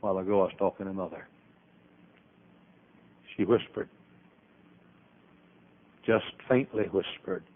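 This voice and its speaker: An older man preaching a sermon as pastor, emphatic, with sudden loud rises and trailing, dropped endings. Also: low-pitched, steady tone, a little slow, long pauses. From American. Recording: tinny phone-like archival audio.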